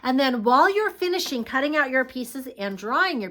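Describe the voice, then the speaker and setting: A preschool teacher, a woman, speaks in a high, very animated voice that rises and falls constantly. She talks gently to small children, reading a picture book aloud in a slow, playful way between craft steps.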